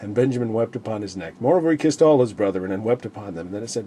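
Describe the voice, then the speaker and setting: A man's voice: fairly low pitch, animated, racing, mellow, slight background noise. A man sharing casual, rambling thoughts on a Bible chapter, filling with "you know" and acting out the quoted lines with sudden bursts. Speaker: Bible study speaker.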